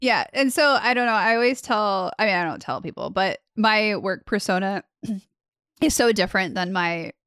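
A woman's voice: mid-range voice, animated, moderate pace, a bit bright, clear, resonant tone, no room sound, clean studio sound. A young woman co-hosting a podcast in casual chat, rambling with many fillers and frequent laughs. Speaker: podcast co-host.

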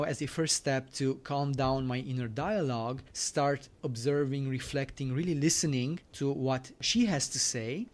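A man hosting an interview on relationships, a coach speaking in a measured, agreeable way. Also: medium pitch. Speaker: podcast host, relationship coach. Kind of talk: interview questions and commentary.

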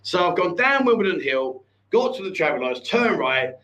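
A man's voice: sits high, very animated, moderate pace, a bit bright, rough recording. A man hosting a casual live chat show, telling stories with cheeky banter and laughter. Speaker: host.

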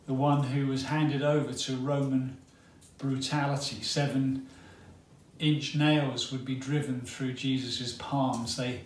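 A man preaching a sermon, telling a story dramatically and leaving long pauses. He speaks very slowly and deliberately. His voice rings through a roomy church hall from a distance, with faint ambient sound behind it. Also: mid-range voice, flat delivery, slight background noise.

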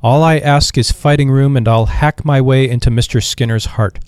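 A man's voice: medium pitch, steady tone, moderate pace, a little mellow, smooth, dry recording, studio quality, lightly acted. A man reading aloud and voicing a cheerful, earnest young army veteran looking for work. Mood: eager.

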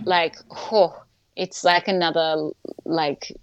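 Gravel-edged woman telling her birth story. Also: low-pitched, fairly even intonation, slow pace, no echo, muffled recording. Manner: chatty, many fillers, laughs often. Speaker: guest.

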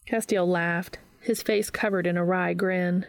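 Gravelly woman reading a story aloud. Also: on the low side, fairly even intonation, unhurried, few pauses, no room sound. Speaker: fan fiction reader.

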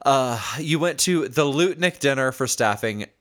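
Teasing man with a lively voice. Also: medium pitch, measured pace. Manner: teasing, laughs often. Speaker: podcast co-host. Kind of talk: casual chat, reading a diary aloud.

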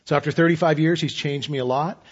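A man in his fifties preaching a sermon as pastor, relaxed and conversational with self-deprecating humor. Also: on the high side, fast, dull audio.

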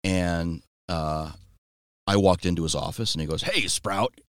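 A man's voice: low voice, steady tone, normal speed, smooth, dry recording. A man chatting casually on a podcast, telling family stories with dry, self-deprecating humor and frequent restarts. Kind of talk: casual chat, storytelling.

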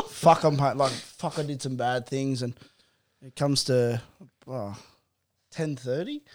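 A man's voice: mid-range voice, slow. A man rambling through a crude anecdote on a podcast. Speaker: podcast co-host. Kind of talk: casual podcast banter.

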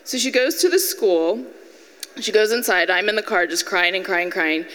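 Young woman, artist at a live talk, lively storyteller. Hall reverb. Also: medium pitch, moderate pace. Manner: animated, acts out voices in her story, laughs at herself. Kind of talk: storytelling presentation to an audience.

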